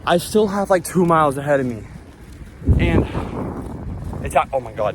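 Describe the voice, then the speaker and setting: A man's voice: fairly high pitch, animated, moderate pace. A man filming a vlog outdoors on a bike ride at dusk, rambling anxiously and swearing, a little out of breath. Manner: panicky rambling, swearing, anxious self-talk. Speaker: vlogger. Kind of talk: casual vlog while cycling. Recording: wind noise on a phone mic.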